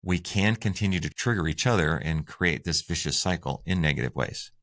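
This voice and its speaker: A man's voice: deep voice, expressive, brisk, a bit bright. A man co-hosting a relationship advice talk, walking through tips with enthusiasm. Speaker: podcast co-host.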